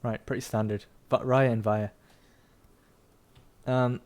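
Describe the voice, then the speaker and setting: A young man streams a strategy game and chats casually over it, rambling and laughing often, with faint music behind him. His medium-pitched voice is darkish and level, and he speaks at a slow pace.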